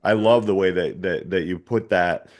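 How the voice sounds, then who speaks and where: A man's voice: low-pitched, moderate pace, darkish tone. A man hosting an interview, reflective and candid, with hesitant restarts. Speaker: podcast host. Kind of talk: conversational interview.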